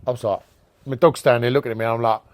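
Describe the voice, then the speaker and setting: A man's voice: mid-range voice, fairly even intonation, racing, no room sound. A man being interviewed on a podcast, chatting casually, telling stories, acting out conversations and laughing often. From England. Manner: chatty storyteller, acts out dialogue, laughs often. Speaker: podcast guest, events promoter.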